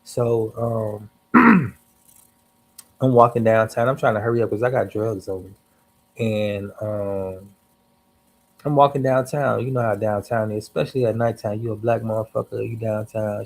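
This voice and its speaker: A man's voice: medium pitch, a little mellow, poor audio. A young man on a livestream telling a personal story in a loose, slangy, profane way, with asides and restarts. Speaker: livestream host.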